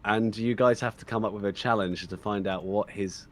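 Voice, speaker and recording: A man playing a tabletop game, pitching ideas eagerly and stumbling over restarts. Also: fairly even intonation, moderate pace, a crowd in the background. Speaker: player. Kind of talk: casual tabletop game chat.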